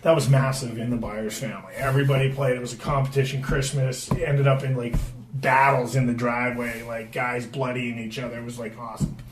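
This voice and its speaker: A man's voice: medium pitch, flat delivery, brisk, far from the mic. A middle-aged man from the Boston area, a retired hockey player, telling stories in a rambling, profane way with many restarts and fillers. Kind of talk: casual storytelling chat. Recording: echoey room, a bit off-mic, faint background noise.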